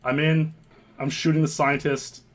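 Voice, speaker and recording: A young man hosting and narrating his own story in an earnest, halting way, often restarting his sentences. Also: on the high side, level tone. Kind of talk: reflective storytelling commentary.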